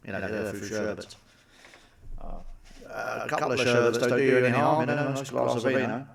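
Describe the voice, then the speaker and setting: A man's voice: mid-range voice, little pitch movement, brisk, vocal fry, distant mic, over a noisy crowd. Swearing man telling crude jokes. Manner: swearing, chatty, asks the listener for agreement. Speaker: stand-up comedian. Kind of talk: crude stand-up one-liners.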